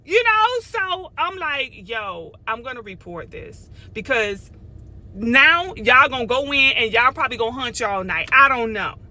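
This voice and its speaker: A middle-aged woman, telling a story in a casual vlog, animated and sassy, talking straight to her viewers. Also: a little high, unhurried. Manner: animated, sassy, talks straight to viewers with lots of "okay?" and "y'all". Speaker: vlogger.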